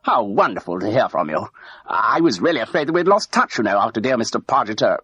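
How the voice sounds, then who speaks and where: A man's voice: on the low side, big pitch swings, fast talker, a bit bright, slightly rough, no echo, pitched above the performer's own voice, heavily acted. A man voicing a bluff middle-aged ex-crook posing as a major, chatty and hesitant, full of ums and uhs. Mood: warm.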